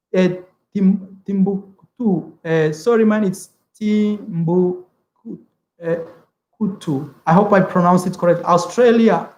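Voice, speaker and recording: A man's voice: high-pitched, darkish tone. A man hosting a casual livestream, chatting with his viewers, repeatedly calling them "man" and thanking them. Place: indoor room, streaming live. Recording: roomy echo.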